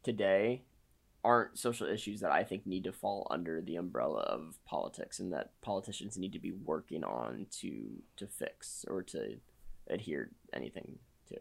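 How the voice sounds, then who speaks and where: A man's voice: deep voice, sing-song, normal speed, creaky. A man co-hosting a casual podcast chat, with a dry, teasing, sarcastic manner. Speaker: podcast co-host.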